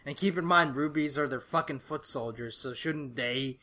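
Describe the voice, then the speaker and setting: Bright-voiced young man ranting heatedly. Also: mid-range voice, moderate pace. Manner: heated, swearing, exasperated. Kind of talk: casual ranting chat about a cartoon.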